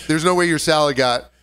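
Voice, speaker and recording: A man telling a story in casual podcast chat, animated and profane. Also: fairly high pitch, clean tone.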